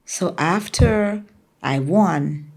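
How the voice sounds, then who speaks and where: A woman's voice: lowish voice, very slow, gravelly, a little mellow. A middle-aged woman from the Bahamas with a Bahamian accent, a former track athlete telling her story in an interview, acting out quotes animatedly.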